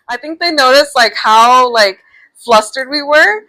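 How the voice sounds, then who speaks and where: A woman's voice: sits high, expressive, slow pace, pushed and bright, no echo, rough recording. A young woman co-hosting a podcast in casual chat, chatty, peppering her talk with "like" and acting out Spanish quotes. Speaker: podcast co-host.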